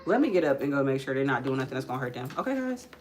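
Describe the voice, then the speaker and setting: A woman's voice: a bass voice, sing-song, racing, a little mellow, slight background noise. A young woman chatting casually through a live makeup stream, calling her viewers guys and breaking off to tell her kids to stop climbing on things. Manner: frequent ums while working. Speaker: makeup vlogger and mother.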